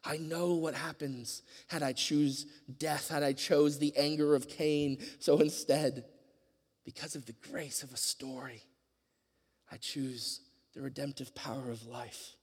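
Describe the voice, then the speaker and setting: A man preaching a sermon, telling a personal story earnestly, his voice swinging from loud passages to hushed ones. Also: a little high, level tone, a little slow, breathy edge, long reverb tail.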